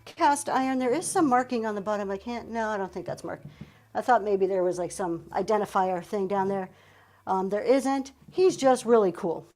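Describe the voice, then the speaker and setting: A woman's voice: mid-range voice, normal speed, darkish tone. A middle-aged woman from Pennsylvania, hosting a live reselling auction in an upbeat, chatty way and thanking her viewers as she goes. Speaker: live-stream reseller host. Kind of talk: live auction selling chat.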